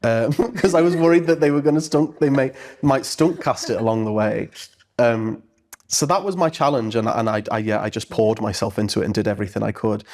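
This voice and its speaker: A man's voice: medium pitch, brisk, a little mellow. A man from Merseyside, an actor answering in a casual interview, earnest and reflective with frequent restarts. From Merseyside, England. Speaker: stage actor, interview guest.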